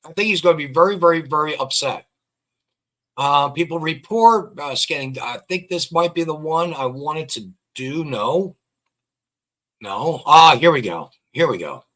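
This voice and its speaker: Host, man, bright tense voice, slightly high, rambling scornful commentary. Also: animated, unhurried. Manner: rambling, repeats phrases, scornful. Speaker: online show host. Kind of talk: casual commentary reading out records.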